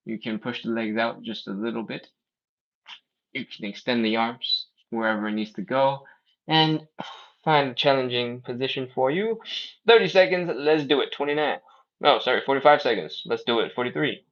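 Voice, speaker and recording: Guy coaching a stretch class live, counting reps, kinda dull lo-fi audio. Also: mid-range voice. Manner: upbeat, counts reps aloud, playful coaching. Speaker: fitness instructor.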